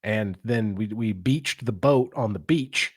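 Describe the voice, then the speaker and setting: A man's voice: on the low side, unhurried, slightly rough, dry recording, studio quality. A man co-hosting a podcast, talking in laid-back, joking banter. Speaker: podcast co-host. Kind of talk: casual chat.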